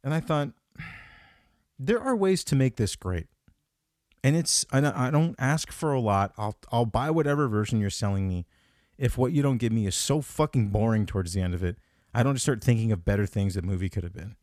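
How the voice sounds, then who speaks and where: Animated, swearing podcast host ranting. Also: male voice, medium pitch, a little fast, no echo, studio quality. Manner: profane, animated, acts out his own thoughts in quotes. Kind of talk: casual comedic movie rant.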